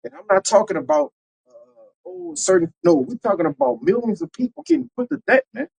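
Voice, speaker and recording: Animated high-voiced male preacher, husky. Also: fairly quick, rough recording. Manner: loose and conversational, tags lines with "man" and "right?". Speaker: bible teacher. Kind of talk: preaching Bible lesson.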